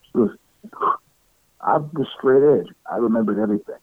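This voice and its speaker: Middle-aged male guest, animated storyteller with a swinging pitch who acts out other people's lines, dry close sound. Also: moderate pace, dry recording. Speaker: interview guest. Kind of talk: casual storytelling. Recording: tinny phone-like line, dry.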